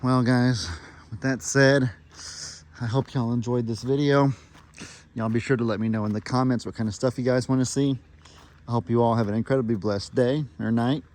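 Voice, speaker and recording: A man's voice: mid-range voice, steady tone, normal speed. A man talks casually to his viewers in a farm vlog. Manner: talks softly and fondly to his goat. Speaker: farm vlogger.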